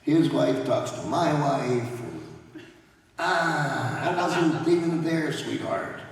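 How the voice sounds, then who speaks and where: A man's voice: fairly high pitch, expressive, takes it slowly, creaky. A man telling rambling stories as a panel guest, laughing often as he talks, in a large convention hall. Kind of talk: anecdotal storytelling at a fan panel. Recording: echoey hall, voice from far off.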